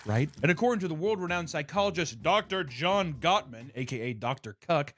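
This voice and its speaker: Animated sarcastic man over music. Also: fairly high pitch, fast talker. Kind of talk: podcast banter.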